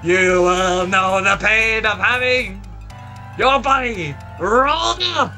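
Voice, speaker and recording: A gamer voicing a boastful cursed treasure chest that pleads to be let out, then gloats with theatrical shouts, while reading game dialogue. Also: mid-range voice, slow pace, gravelly, faint music behind, full character voice. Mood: gloating. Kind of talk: let's play dialogue reading.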